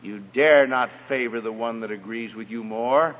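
This time his voice sits in the mid range at a normal speed as he delivers a personal story like a sermon, forcefully, to an audience in a hall, calling out to the parents among them. The recording is echoey, dull and low-fidelity.

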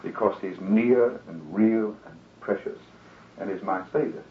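A man's voice: on the low side, unhurried, a little hiss or hum. Male preacher from England, conversational radio sermon, plays out the people he quotes; tinny broadcast sound with room echo. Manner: earnest, conversational, acts out quoted voices.

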